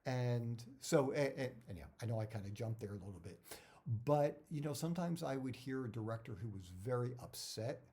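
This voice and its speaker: Middle-aged actor guy chatting tips, warm mellow voice, keeps repeating himself and wandering off. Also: mid-range voice, lively intonation, brisk. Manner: rambling, repeats words, digresses. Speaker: actor sharing career advice. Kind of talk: casual talk to camera.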